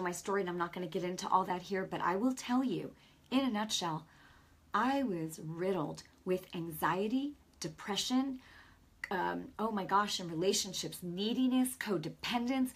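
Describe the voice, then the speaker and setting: A woman's voice: medium pitch, a bit bright, breathy edge. A middle-aged woman hosting a Christian broadcast, preaching straight to viewers in a conversational, emphatic way. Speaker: host and Christian teacher. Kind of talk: preaching to camera.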